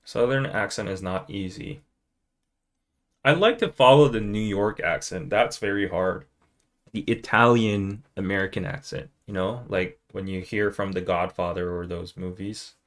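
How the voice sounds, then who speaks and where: A man's voice: on the low side, moderate pace, a bit bright. A man hosting a casual live stream who talks in a playful, joking way. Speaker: podcast host.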